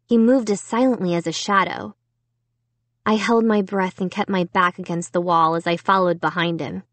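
A woman's voice: lowish voice, no room sound. A woman narrating a children's horror book in the first person, reading steadily and with suspense. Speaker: audiobook narrator.

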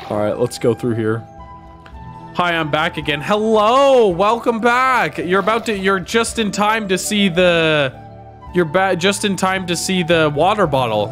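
A man's voice: a little high, fairly bright tone. A young man streaming a video game, chatting casually and goofing around as he plays, with music playing behind him. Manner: goofy, playful, talks to the game and chat. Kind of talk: casual gameplay commentary.

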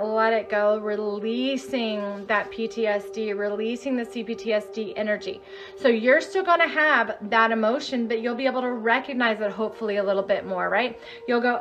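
High-voiced woman leading a healing session. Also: fairly even intonation, moderate pace, a bit bright, faint music behind. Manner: soothing, chants a repeated release mantra. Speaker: energy healer. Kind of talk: guided healing session on a live stream.

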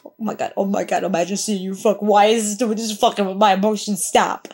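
A woman's voice: medium pitch, level tone, a little fast, a little mellow. A young woman hosting a show reaction, exclaiming, swearing and crying out as she watches, then talking through her thoughts. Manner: exclaims and swears, cries out in distress. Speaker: reaction host. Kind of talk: emotional reaction commentary.

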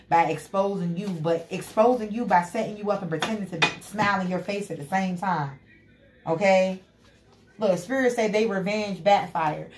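Emphatic tarot-reading woman in an echoey room. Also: mid-range voice. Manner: emphatic, repetitive, frequent "you know what I'm saying". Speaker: tarot reader. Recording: echoey room with loud background noise.

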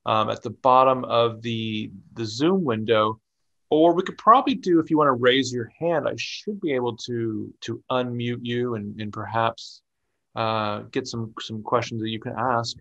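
A man's voice: medium pitch, moderate pace, bright, forceful tone, muffled recording. A man hosts a question-and-answer session over a video call. He sounds enthusiastic and eager, and his speech is loose and full of fillers. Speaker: library host.

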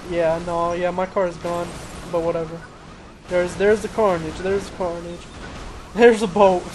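A man casually commentating his own racing gameplay, excitable and self-mocking, talking to himself as he plays. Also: high voice, moderate pace. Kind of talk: casual let's-play commentary. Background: engine noise and crashes from the game.

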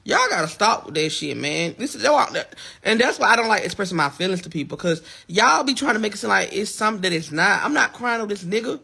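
A man's voice: sits high, very animated, fast talker, gravelly, sharp tone, slightly rough. A young man talking to his viewers on a livestream, upset and defensive, his voice strained and tearful. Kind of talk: emotional livestream chat.

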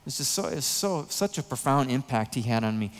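A man preaching a sermon in a church, earnest and emotional, with soft pauses. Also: medium pitch, animated, long reverb tail. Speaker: pastor. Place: church sanctuary.

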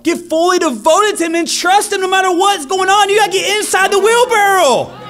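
A man's voice: extremely high pitch, brisk, fairly bright tone. A man preaching a sermon, telling a story with energy and acting out the crowd's voices.

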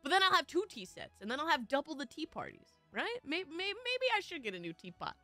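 Giggly high-voiced woman streamer. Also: huge pitch swings, brisk, sharp tone, faint music behind. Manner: bubbly, giggly, chatty. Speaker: VTuber game streamer. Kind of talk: casual live-stream chat.

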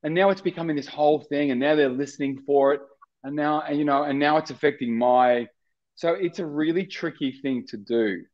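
An Australian actor in casual interview chat, rambling with many restarts and fillers. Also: male voice, fairly high pitch, fairly quick, muffled recording. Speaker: actor guest.

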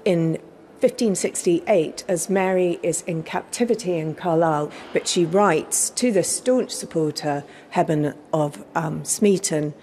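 A woman historian guides visitors around an exhibit, eager and knowledgeable. Her voice sits on the low side for a woman. A faint hum of the gallery sits underneath. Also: measured pace, mellow. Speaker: museum historian. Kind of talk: explaining exhibits. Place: museum gallery, indoors.

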